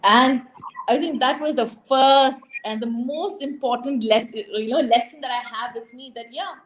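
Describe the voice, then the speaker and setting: A young woman from India, a TV presenter, telling her story as an interview guest in an animated, emotional way, acting out quoted dialogue. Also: sits high, unhurried, a little hiss or hum, low-quality recording.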